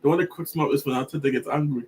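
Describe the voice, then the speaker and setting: A man co-hosting a casual chat stream, rambling and animated as he tells a story. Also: on the high side, very fast, slight background noise. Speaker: co-host.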